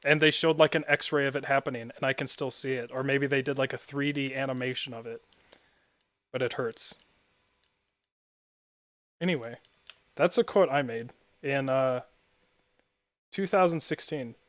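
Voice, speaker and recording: A man's voice: mid-range voice, normal speed, long pauses, fairly bright tone, dry recording. A young man streaming and chatting casually while gaming, rambling and often laughing at his own stories.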